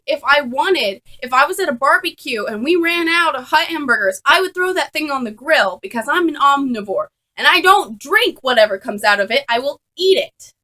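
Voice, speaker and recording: Bright, chatty young woman vlogging. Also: sits high. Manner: chatty and animated, full of fillers. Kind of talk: casual storytime. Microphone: camera on a tripod.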